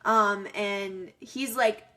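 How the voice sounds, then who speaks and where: A woman speaks at an everyday pitch while recapping a film, cracking blunt jokes and tossing in mock lines for the characters. Her tone stays loose and conversational. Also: steady tone, drawn-out words, fairly bright tone. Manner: blunt, jokey asides, mock quotes. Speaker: podcast co-host. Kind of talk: casual movie recap chat.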